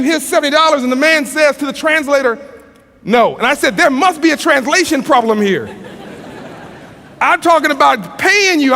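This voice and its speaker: An American man telling a story as a motivational speaker, earnest, with frequent restarts and dramatic pauses. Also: very high voice, pushed and bright. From United States. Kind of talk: storytelling speech. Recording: long hall reverb.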